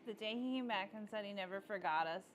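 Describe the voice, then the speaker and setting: A woman's voice: medium pitch, fast, a little hiss or hum. A young adult woman hosting a casual livestream, chatting with viewers and reading their comments aloud. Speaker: livestream host.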